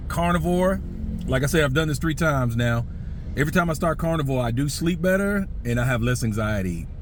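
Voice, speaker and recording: A man vlogging in a casual, candid, rambling way, sometimes talking to a puppy. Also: a little high. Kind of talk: casual vlog talk. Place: Thailand, indoors and out. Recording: noisy street ambience.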